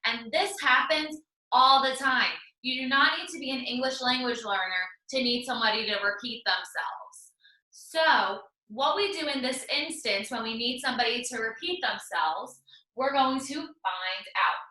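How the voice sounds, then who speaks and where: A woman's voice: fairly high pitch, normal speed, sharp tone, echoey room, recorded from a distance, low-quality recording. A woman teaching an English class, explaining patiently and reassuringly step by step. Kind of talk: online class lesson.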